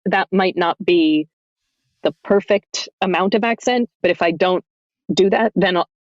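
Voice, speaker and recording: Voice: mid-range voice, a little slow, no echo. Chatty narrator on slightly dull remote audio. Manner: chatty, full of "like", thinking out loud. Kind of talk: casual roundtable discussion.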